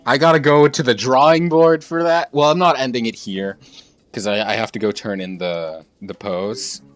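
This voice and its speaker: A man streaming a video game live, thinking aloud, shifting between low mutters and frustrated outbursts. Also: moderate pace, faint music behind. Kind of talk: casual live gameplay commentary.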